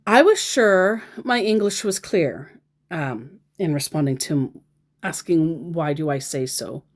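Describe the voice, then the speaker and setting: A woman's voice: low-pitched, expressive, slow. A woman in casual commentary on scam chats, sarcastic and laughing often. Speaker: scambaiter vlogger.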